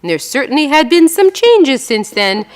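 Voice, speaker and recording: A woman, an author telling chatty, self-mocking stories to an audience and trying on quick voices for people she describes. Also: high-pitched, big pitch swings, long reverb tail. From New York. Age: 60s. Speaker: author giving a talk. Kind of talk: storytelling talk with slides and a reading. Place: event hall before an audience.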